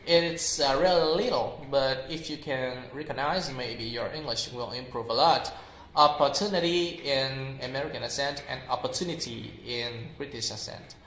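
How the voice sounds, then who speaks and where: A young man with a Vietnamese accent teaches English in a relaxed, unscripted way. He pauses often with "uh" and says example words over and over, at a middling pitch. His voice echoes around the room. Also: a little hiss or hum. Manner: explains slowly with many fillers and repeats example words aloud. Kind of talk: informal spoken lesson.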